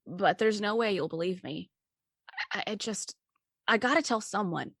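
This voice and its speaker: A woman voicing a frightened teenage boy who talks in a trembling, halting way with stammers. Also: medium pitch, expressive, fairly bright tone, slightly rough, no room sound, clean studio sound. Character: scared teenage boy, shaky and strung out.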